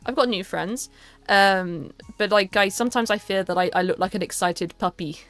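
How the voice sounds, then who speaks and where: A woman's voice: medium pitch, normal speed, a bit bright, faint music behind. A young woman streaming a casual chat, rambling and stammering with lots of restarts.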